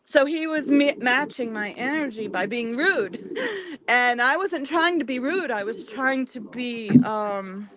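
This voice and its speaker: A woman's voice: high voice, takes it slowly, fairly bright tone, low-quality recording. A woman hosting a knitting chat stream, telling a long personal story in a rambling way with restarts.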